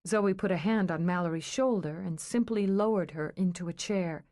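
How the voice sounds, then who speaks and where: A woman narrating an audiobook in a measured, storytelling manner. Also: lowish voice, warm tone.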